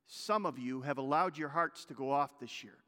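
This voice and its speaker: A male pastor delivering a sermon, swinging from loud exhortation to hushed intensity. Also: medium pitch, moderate pace. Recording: long hall reverb.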